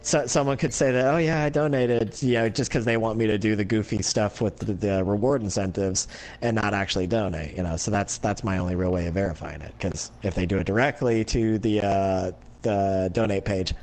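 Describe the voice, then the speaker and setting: A man's voice: lowish voice, steady tone, brisk, darkish tone. A man hosting a livestream in casual chat, explaining things in a rambling, self-correcting way. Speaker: livestream host.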